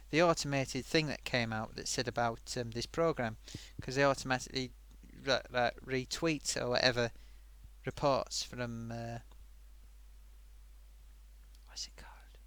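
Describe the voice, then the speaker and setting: A man's voice: mid-range voice, a bit bright, dry recording. A man voicing a cheeky male sock puppet host, reading viewer comments in a chatty way full of oofs and sighs. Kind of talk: live-stream chat.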